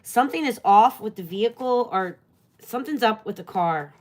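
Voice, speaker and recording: A woman's voice: on the high side, lively intonation, moderate pace, a little mellow. A woman giving a live-stream tarot reading, musing aloud and trailing off as she asks the cards questions. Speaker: tarot and astrology reader.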